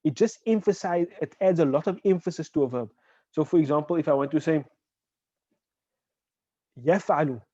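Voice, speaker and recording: A man teaching an online Arabic class. He explains patiently, checks in with "right?" and says example words slowly. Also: on the high side, mellow, no room sound. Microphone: video call. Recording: dull, dry online call audio.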